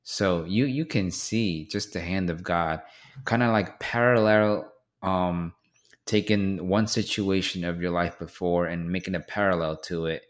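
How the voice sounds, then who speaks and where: A man hosting a faith podcast, calmly reflecting the guest's story back to her. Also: low-pitched, a little slow. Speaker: podcast host. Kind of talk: casual interview chat.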